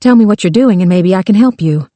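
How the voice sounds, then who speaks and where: A woman doing a frightened, hushed captive. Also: medium pitch, lively intonation, quick pace, no echo, lightly acted. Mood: fearful. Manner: hushed, fearful.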